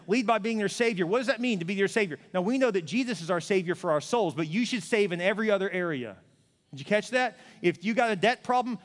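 A man preaching a sermon as pastor, animated, acting out little scenes with voices and repeating punchy phrases with questions to the crowd. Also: sits high, long reverb tail.

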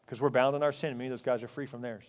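A man preaching as a pastor, earnest and emphatic, often sinking to a quiet, intense tone. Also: mid-range voice, steady tone, racing, big-room sound. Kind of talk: sermon.

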